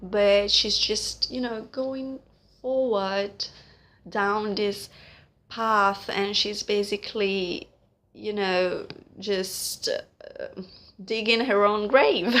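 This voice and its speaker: A woman in her late twenties talking at home in an earnest, halting vlog monologue, full of pauses and fillers. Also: mid-range voice, fairly even intonation, a bit bright. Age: late 20s. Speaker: vlogger. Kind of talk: casual spoken monologue.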